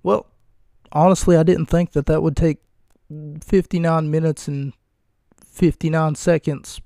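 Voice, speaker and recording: A man hosting a solo podcast, talking slowly with a gravelly, creaky edge to his voice. His tone is mellow and a little higher than most men's. He rambles wryly, jokes at his own expense and swears freely, with a dry sound close to the mic. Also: fairly even intonation, dry recording. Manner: wry, rambling, self-mocking and profane. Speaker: podcast host. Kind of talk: casual solo podcast recap and banter.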